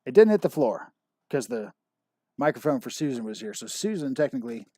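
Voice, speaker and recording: A man's voice: mid-range voice, very animated, fairly quick, dark tone, no room sound. A man hosting a casual livestream and calling bingo numbers, chuckling often with self-deprecating banter. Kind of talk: casual live-stream chat.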